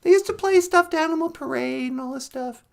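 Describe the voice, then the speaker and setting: A woman telling a folk tale in a casual, animated way, laughing often. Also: high-pitched, a little fast, vocal fry. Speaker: storyteller. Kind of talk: casual storytelling.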